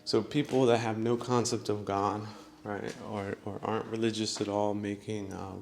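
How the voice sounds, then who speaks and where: A man's voice: lowish voice, steady tone, moderate pace, vocal fry, hardly any pauses, a little mellow, slight background noise. A man hosting a solo podcast, rambling through his thoughts with many fillers and chuckling at his own jokes. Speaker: podcast host.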